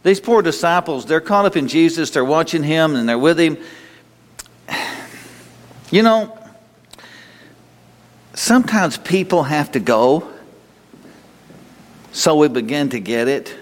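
A man's voice: fairly high pitch, expressive, takes it slowly, pauses often. A man preaching a sermon in a conversational, folksy way that rises into bursts of exhortation, recorded in a church sanctuary. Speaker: pastor. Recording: long reverb of a church hall.

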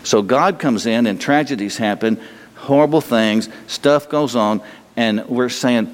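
A man's voice: mid-range voice, unhurried. A man preaching a sermon in a folksy, humorous way, with restarts and sudden bursts of emphasis. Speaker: pastor. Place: church sanctuary. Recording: long hall reverb.

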